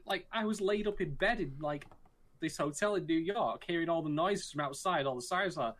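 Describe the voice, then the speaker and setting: A man in casual podcast chat, animated, swearing and joking about an anime. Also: a little high, brisk. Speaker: podcast co-host.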